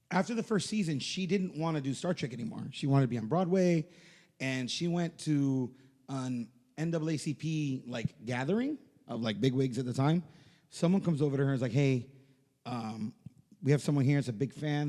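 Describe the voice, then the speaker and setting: A man co-hosting a podcast, telling an embarrassing story in casual, animated chat, swearing freely and breaking into laughter. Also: medium pitch, normal speed, long reverb tail. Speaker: podcast co-host. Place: podcast studio.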